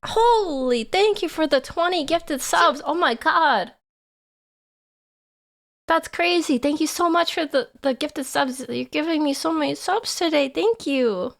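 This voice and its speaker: A young woman streamer chatting casually with her viewers, excitable and laughing often. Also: sits high, measured pace, gravelly. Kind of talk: casual livestream chat.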